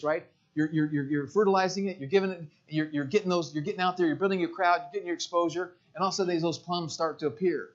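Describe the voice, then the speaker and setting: A man giving a live marketing seminar to a room, energetic, repeating phrases and checking in with "right?". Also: sits high, dull audio. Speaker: marketing speaker.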